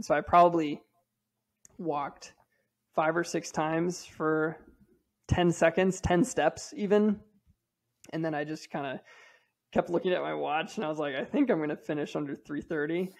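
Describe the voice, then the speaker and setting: A man in his thirties, a podcast regular, telling a candid, self-deprecating story in a casual way. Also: a little high.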